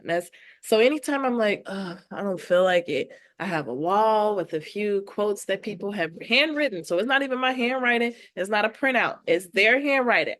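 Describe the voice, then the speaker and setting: A woman guest on a podcast, an artist and educator, talking in a heartfelt, animated way and laughing often. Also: medium pitch. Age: adult with children. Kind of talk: casual conversational interview.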